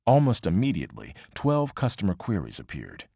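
A man with a lowish voice narrates fiction in a measured, expressive reading, his pitch rising and falling with animation. The recording is dry and close to the mic, with no room echo. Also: slightly rough. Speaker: audiobook narrator. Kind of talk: scripted narration.

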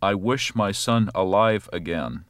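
A man's voice: on the low side, unhurried, no echo, clean studio sound, lightly acted. A man doing a shaking, terrified old husband. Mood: fearful. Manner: shaking tones.

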